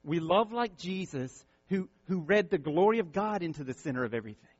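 A male pastor preaching an impassioned sermon, repeating words and swinging from loud peaks to soft, quiet lines. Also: high-pitched, expressive, normal speed, dry recording, dull audio.

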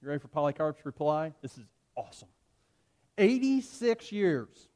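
A male pastor preaching to his congregation. His voice is somewhat higher than most men's, and he speaks earnestly and emphatically, turning from storytelling to direct appeals. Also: steady tone, quick pace, a little mellow. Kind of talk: sermon.

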